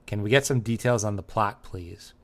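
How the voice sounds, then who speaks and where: A man with a somewhat low voice hosting a casual comedy podcast. He reads listener emails aloud and teases his co-host in a dry, wry way. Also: moderate pace.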